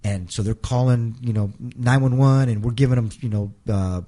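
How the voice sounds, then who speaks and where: A middle-aged interviewee recounts an emotional personal experience in a halting manner, circling back over words and acting out the quoted lines. He has a warm, mid-range voice.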